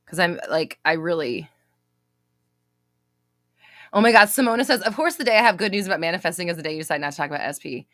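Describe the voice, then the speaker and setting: A woman's voice: fairly low pitch, expressive, fast, pauses often, sharp tone, no room sound, clean studio sound. A young woman hosting a live Q&A stream, casually reading out viewer comments, blunt and swearing freely, laughing often as she scolds.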